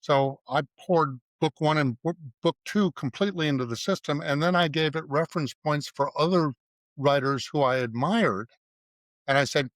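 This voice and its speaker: A man's voice: on the high side, normal speed, fairly bright tone, dry recording. Man telling anecdotes in dry close sound. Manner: anecdotal, acts out dialogue in quotes. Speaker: guest, advertising writer and creative director. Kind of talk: casual interview storytelling.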